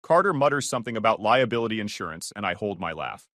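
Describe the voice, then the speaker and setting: A man's voice: lowish voice, animated, fast talker, fairly bright tone, no room sound. A man narrating a first-person story in a dry, sardonic way.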